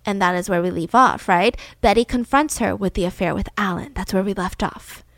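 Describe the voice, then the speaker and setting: A woman's voice: medium pitch, brisk, a bit bright, no room sound. A woman hosting a podcast, telling a true-crime story in a chatty way with many fillers. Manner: chatty, with fillers like "like" and "you know". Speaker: podcast host.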